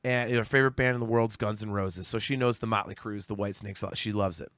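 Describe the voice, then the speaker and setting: A man's voice: lowish voice, fairly even intonation, quick pace, a bit bright, no room sound, clean studio sound. A man in his forties, a podcast guest in casual discussion, ranting heatedly and profanely with many stammered restarts. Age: 40s.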